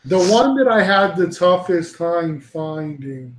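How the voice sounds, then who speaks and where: A man's voice: on the high side, lively intonation, slow pace, echoey room, low-quality recording. A man hosting a casual panel chat, rambling and swearing freely as he talks and laughs easily. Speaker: podcast host.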